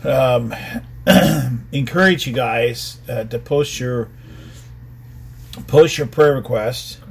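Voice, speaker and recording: A man in his fifties hosting a casual live Bible study podcast, talking in a relaxed, rambling way with lots of ums, recorded on a phone. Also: medium pitch, slow pace, creaky, slightly rough. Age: 50s. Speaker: podcast host, ministry leader.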